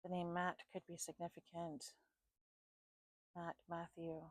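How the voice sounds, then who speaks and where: Low-voiced woman giving a psychic reading. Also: measured pace, dry recording, rough recording. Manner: calm, repetitive, thinking aloud. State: sleepy, yawning. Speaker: psychic reader. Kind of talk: intuitive reading, listing impressions.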